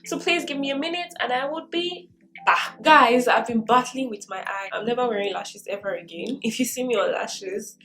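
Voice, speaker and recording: Her voice fairly high and a bit bright, this lifestyle vlogger in her twenties talks at normal speed while putting on makeup. The camera mic gives a low-quality recording as she shares sincere, upbeat self-improvement tips, laughing frequently.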